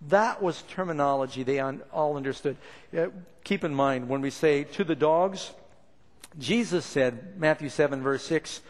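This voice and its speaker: A man preaching a sermon in a lively, expressive way, acting out the lines he quotes. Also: fairly high pitch, measured pace. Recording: long reverb of a large hall.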